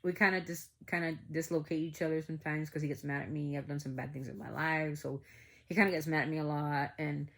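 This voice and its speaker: A woman vlogger casually telling a personal story to her viewers, animated and full of "like" fillers. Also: low voice, quick pace. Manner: animated, acts out quoted dialogue, many "like" fillers.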